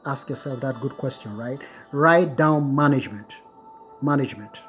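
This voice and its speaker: A middle-aged man giving a recorded lecture on Buddhist wisdom, repeating key phrases slowly so students can write them down. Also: mid-range voice, fairly bright tone, soft background music.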